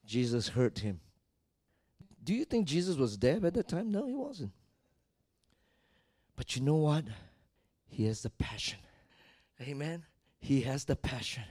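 A male pastor with a strikingly high voice, recorded dry and close with no room sound. He preaches with drama, dropping to quiet asides and then climbing to loud shouts. He acts out the people in his stories as he goes. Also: lively intonation, normal speed, no room sound. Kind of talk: sermon.

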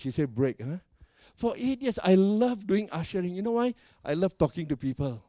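A high-voiced male pastor preaching with excitable energy and playful jokes. He keeps calling out to the congregation for a response. His voice sounds close and dry, with little room around it. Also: brisk, dry recording. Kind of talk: sermon.

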